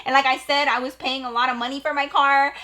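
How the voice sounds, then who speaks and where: A woman beauty vlogger telling a story while doing her makeup at home, in an animated, profane, slangy way. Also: high-pitched, fast talker, slight background noise. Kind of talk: get-ready-with-me storytime.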